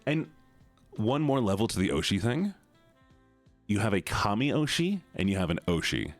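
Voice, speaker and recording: A man's voice: fairly low pitch, big pitch swings, moderate pace, no room sound, faint music behind. A man chatting playfully and teasingly with his chat on a live stream.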